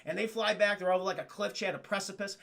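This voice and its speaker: A young man retells a cartoon episode to his chat in a high, bright voice with plenty of gravel and fry. He swears freely and leaps up and down in pitch whenever he quotes a character, keeping it loose and animated. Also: fast. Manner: animated, profane, swoops up and down the pitch when quoting characters. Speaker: cartoon reviewer streaming to chat.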